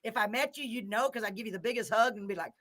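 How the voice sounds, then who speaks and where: A woman's voice: on the high side, fast talker, a bit bright. A middle-aged woman hosting a live show, effusive and chatty, laughing often. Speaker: host. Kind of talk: casual live show chat.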